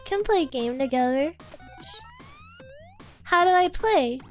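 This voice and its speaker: A woman's voice: high-pitched, lively intonation, slow, soft background music. A woman streaming a game, reacting in a giggly, flustered way. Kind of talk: casual game-stream commentary.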